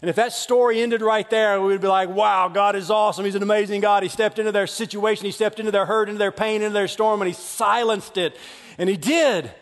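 A man's voice: high voice, steady tone, a little fast. A man preaching a sermon with emphatic delivery, often acting out quoted voices. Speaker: pastor. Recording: long hall reverb.

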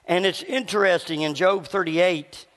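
A man preaching a sermon in a church, talking in a relaxed, conversational way with a throat that is a little scratchy. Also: high-pitched, long reverb tail. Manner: conversational preaching with a slight rasp, pauses to cough. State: scratchy voice needing a cough drop. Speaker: pastor. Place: church sanctuary with long reverb.

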